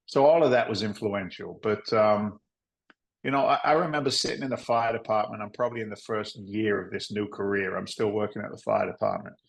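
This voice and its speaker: A middle-aged man with a lowish voice, speaking as an interview guest. He tells his stories in a candid, rambling way, drops in frequent asides, and curses casually. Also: a little fast, creaky, low-quality recording. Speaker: podcast guest, real estate investor.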